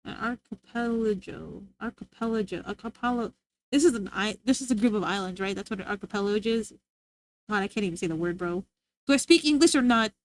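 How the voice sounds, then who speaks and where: A woman's voice: medium pitch, quick pace. A young woman livestreamer chatting casually with her viewers, rambling and often giggling.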